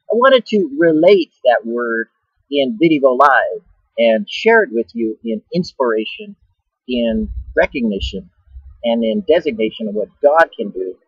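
Joking, lively-voiced man. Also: medium pitch, breathy edge, no echo, highs cut off. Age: middle-aged. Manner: joking, laughs often, playful wordplay. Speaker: Christian video blogger. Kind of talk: casual preaching vlog. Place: outdoors at a rest stop.

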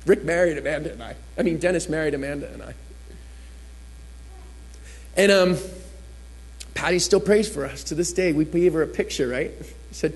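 A man with a high voice tells his own testimony to a church gathering. He tells it as a vivid story, changing his voice to act out what others said. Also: a little fast, pauses often, breathy edge. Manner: storytelling, acts out quotes with shifting voice. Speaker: guest speaker giving testimony.

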